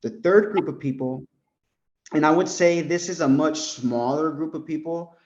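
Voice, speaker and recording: A young American man training insurance agents, animated and full of "right?" as he role-plays his pitch. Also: normal speed. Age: young adult. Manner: animated, peppers talk with "right?" and "bro". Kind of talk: sales coaching talk with role-played pitch. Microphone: group call. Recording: dull lo-fi call audio.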